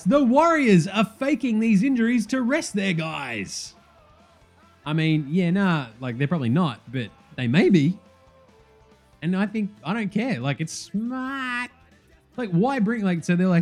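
A man hosting a casual sports podcast, rambling fast and swearing freely. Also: high voice, soft background music. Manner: animated, profane, fast rambling. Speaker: podcast host.

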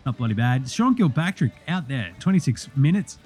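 A young Australian man hosting a sports podcast, rattling through results in a profane, excitable, joking way. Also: medium pitch, normal speed, husky, faint music behind. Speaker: podcast host.

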